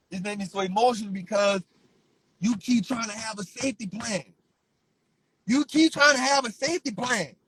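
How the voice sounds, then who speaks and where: A man's voice: extremely high pitch, fairly bright tone, husky, no room sound, low-quality recording. A man, giving fervent, repetitive motivational preaching to his viewers. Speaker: vlogger.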